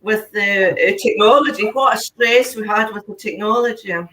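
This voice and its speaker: A woman's voice: medium pitch, moderate pace, a bit bright. Chatty woman hosting a whisky tasting. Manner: chatty, laughs often, trails off mid-sentence. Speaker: host of an online whisky dinner. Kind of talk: casual tasting demonstration. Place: home, on a video call. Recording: echoey room, distant mic, faint noise.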